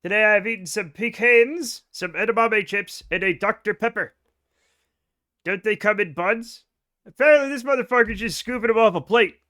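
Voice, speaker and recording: A high-pitched man in middle age, joking and swearing freely as he chats with his live audience. He is from the United States and keeps breaking into laughs. His delivery is loose and conversational. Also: normal speed, pushed and bright. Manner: joking, profane, bursts into laughter. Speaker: streamer. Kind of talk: casual chat with live viewers.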